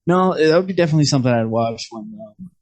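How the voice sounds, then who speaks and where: A man's voice: on the high side, animated, rapid-fire, a little mellow. A man as a podcast guest in casual chat, easygoing, dropping chuckling asides and short backchannels.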